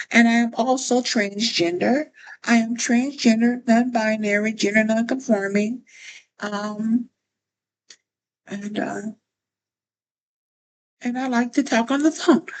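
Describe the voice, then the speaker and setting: Slow-talking woman repeating phrases. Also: mid-range voice, poor audio. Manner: repeats phrases, restarts often. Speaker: phone chat operator. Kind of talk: casual talk-to-camera advice.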